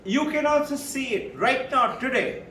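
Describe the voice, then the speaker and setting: A high-voiced man gives a spiritual talk. He tells his stories with lively delivery and acts out each voice. The mic sits well back from him in a roomy hall. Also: normal speed, recorded from a distance, a little hiss or hum. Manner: animated storyteller who acts out quoted dialogue. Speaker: spiritual teacher. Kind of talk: spiritual talk to a live audience.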